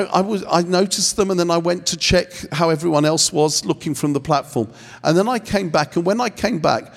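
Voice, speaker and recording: A man with a slightly higher voice gives a teaching talk on prayer in a large hall, his words trailing off in long reverb. He talks with easy humor, acts out little scenes and pokes fun at himself. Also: creaky. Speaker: speaker at a prayer training session.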